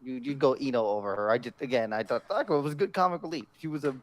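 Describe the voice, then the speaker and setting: A man's voice: medium pitch, fast talker. A young man rambling easygoing about anime in casual chat, laughing along. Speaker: anime podcast co-host.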